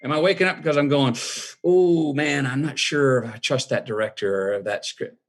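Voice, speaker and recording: A man in his fifties with a drawl, telling a relaxed personal story in an interview. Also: mid-range voice, normal speed. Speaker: guest.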